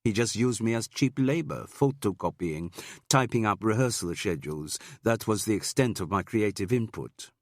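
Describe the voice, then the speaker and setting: A man's voice: on the low side, animated, normal speed, dry recording, studio quality, voice pushed up. A man voicing an offhand young woman student with a slight Spanish accent, talking casually with lots of "like".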